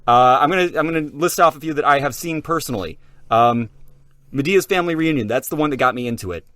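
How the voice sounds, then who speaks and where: Man, podcast co-host, casual chat, lively and animated, dry close sound. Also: on the high side, fast, dry recording. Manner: animated, laughs while talking.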